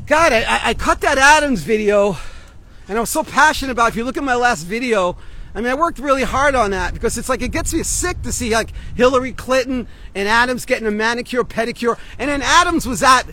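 Guy ranting on the street, really high sharp voice, swears a lot, keeps restarting, some traffic noise. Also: lively intonation, a little fast. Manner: agitated, rambling, swearing, restarts often. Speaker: vlogger. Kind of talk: street vlog rant. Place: outdoors on a city street.

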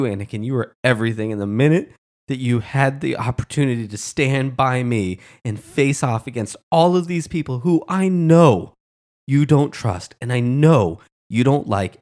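A man's voice: mid-range voice, lively intonation, normal speed, darkish tone, lightly acted. A man quoting a hurt young woman warrior. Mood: resolute.

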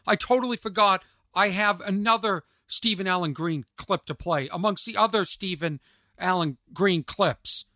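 High-voiced, bright-toned man rambling. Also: no echo, studio quality. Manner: rambling, self-mocking, exaggerated pleading. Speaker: podcast host. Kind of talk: solo comedic podcast monologue. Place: home studio in a converted camper.

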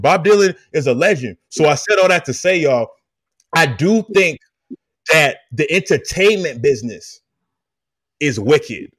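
A man hosting a podcast, telling a personal story in an animated, emphatic way and talking straight to his listeners with slang. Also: on the high side, slightly rough, no room sound, clean studio sound. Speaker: podcast host. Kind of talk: casual storytelling chat.

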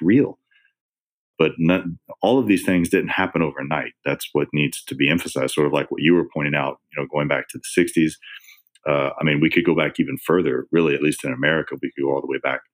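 A man's voice: very deep voice, fast. A man talking in a casual podcast discussion, rambling and hesitant, with many fillers and restarts.

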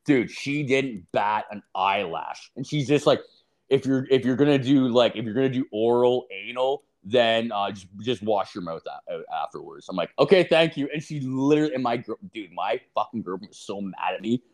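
A man's voice: medium pitch, expressive, moderate pace, a little mellow. A man co-hosting a podcast, telling crude stories in casual chat, swearing and acting out the people he quotes. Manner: profane, laughing, acts out quoted people. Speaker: podcast co-host.

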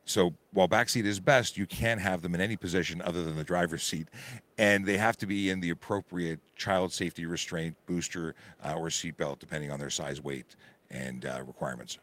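A hoarse man, a police constable from Canada, explaining traffic rules informally on a live radio call-in from a busy auto show. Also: low-pitched, no echo.

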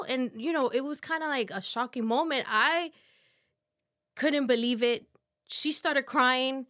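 A woman in her thirties, a podcast guest, telling a personal story in a halting, soft way with many fillers. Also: high-pitched. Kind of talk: casual conversation.

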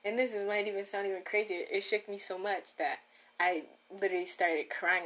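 A woman's voice: medium pitch, steady tone, fairly quick, fairly bright tone. A woman hosting a casual solo podcast, rambling and breaking off her own sentences as she talks straight to her listeners. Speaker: podcast host.

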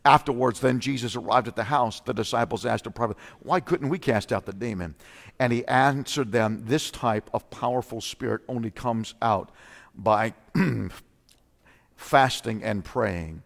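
Gravelly preacher man in a reverberant hall. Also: moderate pace. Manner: fervent, swings between loud outbursts and low intense teaching; frequent throat clearing and repeated "come on now". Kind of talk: sermon. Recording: long reverb of a large hall.

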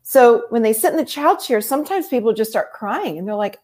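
A middle-aged woman therapist talks through her method in a relaxed interview. Her voice sits a little high, and she speaks in an animated, explanatory way, acting out other people's lines as she goes. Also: fairly quick, few pauses. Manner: animated, explanatory, acts out quotes. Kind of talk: conversational interview.

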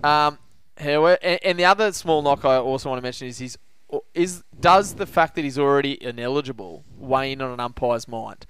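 An Australian man hosts a casual footy betting chat, pushing his tips with confident, lively banter. His voice is smooth and resonant. The sound is close and dry, with no room around it. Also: medium pitch, fairly quick, hardly any pauses, no echo. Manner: confident, animated tipster banter. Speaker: podcast host.

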